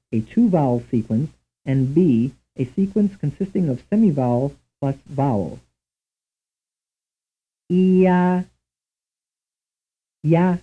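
A man reading a scripted language lesson in a slow, measured, deliberate way, on a tinny old tape recording. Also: fairly high pitch, husky. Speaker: language instructor. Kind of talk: scripted programmed-lesson narration.

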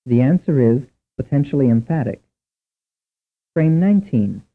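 A man narrating a language lesson in a measured, lecturing way. His voice moves animatedly up and down as he sets out each drill. The recording is thin and phone-like. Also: mid-range voice, expressive. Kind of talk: scripted instructional narration. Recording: tinny narrow-band recording.

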